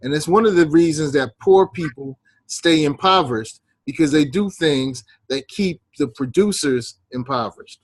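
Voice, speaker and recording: Measured male podcast co-host. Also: a little high, no echo. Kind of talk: casual discussion.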